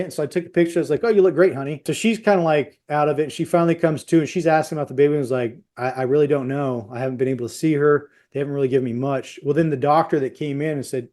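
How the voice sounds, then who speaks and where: A middle-aged man recounting a hard night as a podcast guest, his voice sitting a bit higher than most men's. He talks in rushing, broken phrases and slips into the voices of the people he quotes. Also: darkish tone. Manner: intense, tumbling retelling with quoted dialogue. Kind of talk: personal storytelling.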